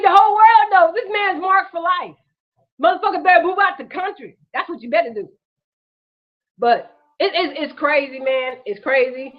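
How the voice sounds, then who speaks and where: A woman with a high voice delivers heated commentary on her own show. She swears freely and fires off rhetorical questions. The recording is dull and lo-fi. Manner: fiery, profane, rhetorical questions. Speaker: host. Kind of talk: impassioned commentary vlog.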